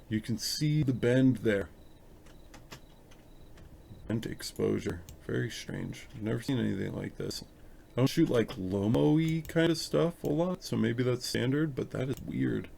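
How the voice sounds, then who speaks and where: Editing photos on a casual live stream, a man chats and thinks aloud in a slightly self-conscious way from a home room with an open window. His mid-range voice is gravelly and a little mellow, with slight background noise.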